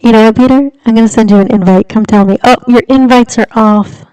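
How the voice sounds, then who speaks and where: A young woman with a higher, smooth and clear voice hosts a casual livestream. She is blunt and chatty and swears now and then. She sits a little back from the mic, and a light reverb hangs on her voice. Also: steady tone, fast talker, dark tone. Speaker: livestream host. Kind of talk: casual livestream chat reading news. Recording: slightly distant with light reverb.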